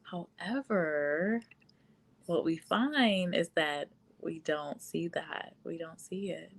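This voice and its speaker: A woman's voice: on the low side, slow pace, vocal fry. A woman hosting a casual live stream, talking at length with frequent fillers and reading viewer comments aloud. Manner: frequent fillers, laughs often. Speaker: livestream host.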